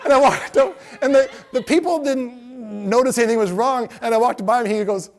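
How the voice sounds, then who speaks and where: A middle-aged man delivers a lecture as a string of anecdotes, his voice sitting notably high for a man. He is animated, slips into the voices of the people he quotes, and laughs often as he goes. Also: fast talker. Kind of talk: storytelling lecture.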